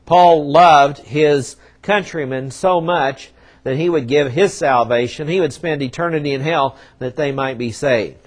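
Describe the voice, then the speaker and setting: A man delivering a sermon in a somewhat high voice. He preaches emphatically, slowing down and dropping his volume for dramatic effect. Now and then he slips into the voices of the prophets he quotes, still talking plainly. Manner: emphatic preaching with dramatic pauses and shifts in loudness; acts out quoted prophets and God in conversational voice. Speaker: pastor.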